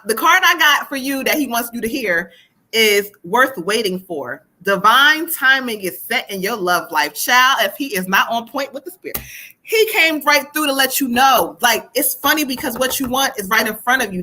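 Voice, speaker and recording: Woman, psychic reader, bright and forceful voice, somewhat high pitch, chatty, laughs a lot. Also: low-quality recording. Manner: chatty, laughs often, relays spirit messages. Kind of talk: live-stream tarot reading.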